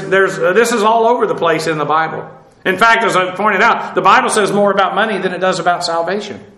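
High, bright-voiced man preaching in an echoey room. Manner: conversational preaching, asks the congregation questions. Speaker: pastor. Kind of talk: sermon.

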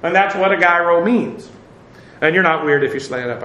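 A man's voice: fairly high pitch, moderate pace, echoey room, crowd noise, low-quality recording. A man teaching a verse-by-verse Bible lesson in a conversational way, with many fillers and wry asides.

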